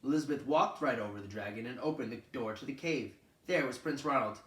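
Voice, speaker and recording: A man reading a children's picture book aloud in an expressive read-aloud manner, with asides to his listeners. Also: medium pitch, fairly quick, slight background noise. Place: room at a children's center. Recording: roomy echo from a distant mic.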